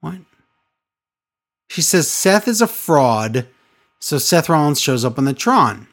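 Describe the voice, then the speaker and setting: She has a deep voice and is very animated, though her pace stays measured. As a woman co-hosting a laid-back wrestling recap podcast, she recounts events with sarcastic exasperation and mocking impressions.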